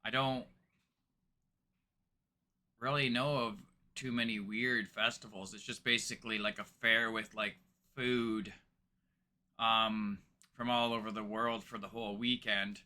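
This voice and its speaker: A man's voice: lowish voice, little pitch movement, measured pace, pauses often, pushed and bright. A man from Ontario, Canada, hosting a reaction video, talking casually and rambling with lots of hesitations. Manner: rambling, hesitant, many fillers. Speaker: reaction channel host.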